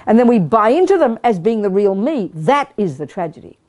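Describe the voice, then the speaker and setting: A woman's voice: mid-range voice, sing-song, brisk, darkish tone. A woman giving a Buddhist teaching talk to a study group, blunt and emphatic, now and then acting out the inner voices she describes. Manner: acts out quoted inner voices.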